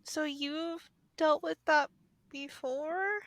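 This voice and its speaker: A woman plays her character in a tabletop game podcast, asking things in a timid, questioning way. Her voice is high with a gravelly edge, and she speaks slowly. The sound is dry and close. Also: fairly bright tone, no room sound. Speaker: player.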